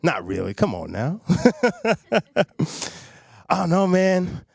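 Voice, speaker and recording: A man's voice: a little high, big pitch swings, slow pace, creaky, dry recording. A man from Long Island doing a stand-up comedy set, loose and conversational, talking straight to the crowd. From Long Island, New York. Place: comedy stage in a studio.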